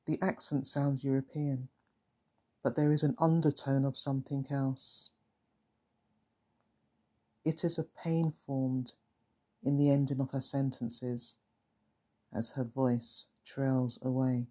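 A calm narrator tells a first-person story at an unhurried pace. The voice is husky and breathy, and the delivery is measured and reflective. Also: mid-range voice.

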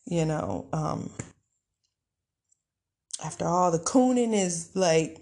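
A woman hosting a podcast, talking in a casual, expressive monologue with laughs and sighs. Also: lowish voice, slow, gravelly. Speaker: podcast host.

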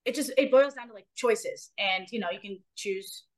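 Speaking at normal speed in a mid-range voice, a female athlete co-hosting a sports podcast offers earnest, motivational talk in a casual setting, driving points home by repeating phrases.

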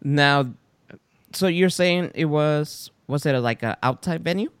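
A man hosting a podcast in casual chat, telling a story with lively acted-out quotes. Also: measured pace, smooth, no room sound. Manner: animated storyteller, acts out quotes with big pitch jumps. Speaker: podcast host.

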